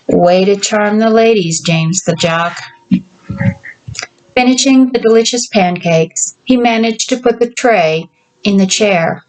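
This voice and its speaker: A woman author reading her own story aloud in a measured, deliberate narration. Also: medium pitch, darkish tone, poor audio.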